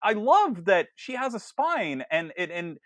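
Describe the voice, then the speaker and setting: A man co-hosting a casual film podcast, talking in an animated way with lots of stammered restarts and acted-out quotes. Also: high voice, measured pace, dry recording. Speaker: podcast co-host.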